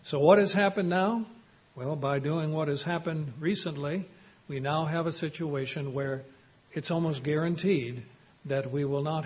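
Husky guy preaching, kinda high voice, dull lo-fi recording. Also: darkish tone. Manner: measured, emphatic, quotes scripture. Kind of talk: sermon.

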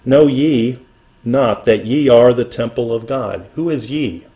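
A middle-aged man preaching a sermon, reading scripture slowly and building emphasis as he goes. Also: mid-range voice, dark tone, muffled recording. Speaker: pastor.

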